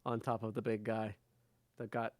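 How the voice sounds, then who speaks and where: A man's voice: lowish voice, flat delivery, normal speed, darkish tone, no room sound. A man running a tabletop game as game master, narrating loosely with lots of fillers and frequent laughter.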